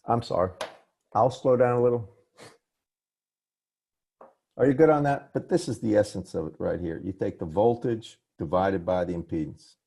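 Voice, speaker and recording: A man teaching a class over a video call, his voice low, gravelly and husky. He often stops mid-thought to correct himself and say sorry, then goes on. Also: moderate pace, long pauses, warm tone. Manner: apologetic, restarts and self-corrections. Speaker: professor. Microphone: computer mic on a video call.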